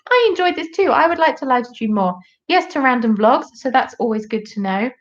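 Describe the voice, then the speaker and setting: A woman's voice: high-pitched, animated, a little fast, highs cut off. A British woman from the UK, hosting a casual live stream with a chatty, jokey, rambling manner. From United Kingdom.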